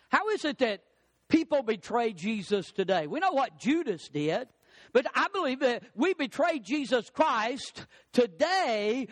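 A man preaching a sermon as pastor, emphatic, climbing on questions and sinking low on key phrases. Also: no room sound. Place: church.

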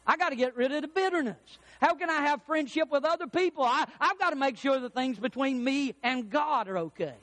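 A middle-aged man preaching a folksy sermon, swinging between loud emphasis and hushed, prayerful passages. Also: very high voice, brisk, hardly any pauses, no echo. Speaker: pastor.

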